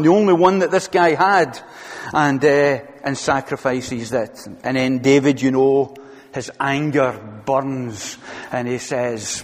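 A man's voice: mid-range voice, long reverb tail. A male pastor preaching an earnest, conversational sermon to his congregation, often asking rhetorical questions. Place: church sanctuary.

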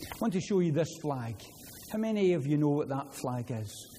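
A man with a Glaswegian Scottish accent preaching a sermon, earnest and prone to repeating words as he gets excited. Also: on the high side, moderate pace, a little hiss or hum. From Scotland. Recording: long hall reverb, faint ambience.

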